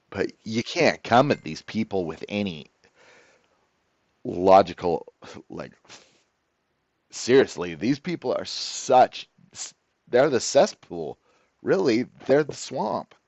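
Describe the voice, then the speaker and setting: A man's voice: low-pitched, vocal fry, a little mellow, dry recording, muffled recording. A man ranting to the camera as host of his own channel, profane, sarcastic and exasperated.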